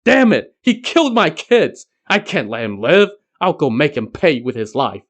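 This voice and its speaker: Storybook villain: a blustering demon king, quick to rage, as a narrator puts him on, voice swinging widely. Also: mid-range voice, very animated. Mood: furious. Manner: blustering, raised voice. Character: hot-tempered male demon king.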